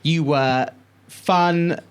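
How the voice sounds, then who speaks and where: A man co-hosting a podcast in a studio, telling stories in an animated, casual way and swearing freely. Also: on the high side, very slow, smooth. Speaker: podcast co-host. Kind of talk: casual chat.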